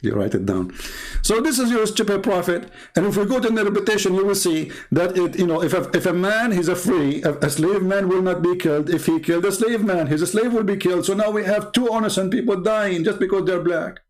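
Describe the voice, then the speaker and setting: A man's voice: high voice, expressive, brisk. A man from the Middle East whose first language is Arabic, speaking as a Christian apologist in combative, sarcastic polemic talk that hammers home the same points.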